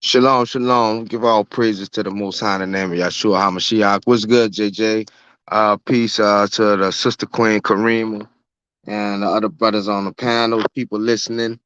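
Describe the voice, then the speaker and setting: A man's voice: fairly low pitch, level tone, moderate pace, a bit bright, clear, resonant tone, dry recording. A man on a live online panel, arguing for his faith in a preachy way and restarting his sentences often. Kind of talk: religious debate on a live panel. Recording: dull lo-fi call audio.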